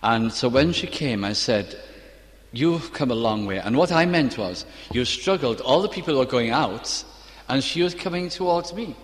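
An older man preaching a sermon, earnest and storytelling, reciting scripture slowly and tenderly. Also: mid-range voice, expressive. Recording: long reverb of a church hall.

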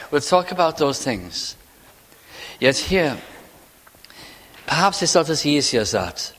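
A man preaching a sermon in a church, talking in a conversational way with rhetorical questions and slowing down to quote scripture. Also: a little high, very animated, a bit bright. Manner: slows for scripture quotations. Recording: reverberant hall.

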